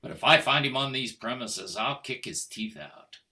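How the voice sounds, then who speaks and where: A man's voice: medium pitch, expressive, moderate pace, pushed and bright. An older man playing a cold, formal husband, on a video call, speaking with precise diction and sarcastic menace. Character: stiff, icy English husband Richard, middle-aged. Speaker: stage actor. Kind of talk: stage play reading over video call.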